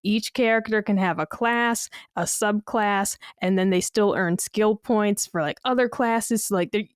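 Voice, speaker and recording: A woman chatting on a casual gaming podcast, her voice smooth and clean at a middling pitch. She rambles through her thoughts with lots of fillers and the odd curse. The recording is dry and close, with no room sound. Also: unhurried, no echo. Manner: rambling, filler-heavy, laughs and swears casually. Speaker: podcast co-host.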